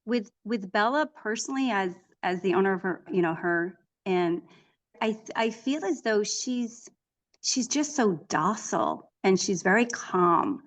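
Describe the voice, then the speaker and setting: A middle-aged woman, a guest author, chatting in an interview, telling stories in an animated way with frequent restarts. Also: mid-range voice, measured pace. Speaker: author and equine therapist, guest. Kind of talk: casual interview conversation.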